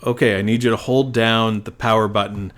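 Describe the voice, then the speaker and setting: A man's voice: lowish voice, fairly even intonation, brisk, a bit bright. A middle-aged man, a doctor, co-hosting a podcast and telling stories in casual chat, swearing often and acting out what people said. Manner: swearing storyteller, acts out quotes. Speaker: podcast co-host.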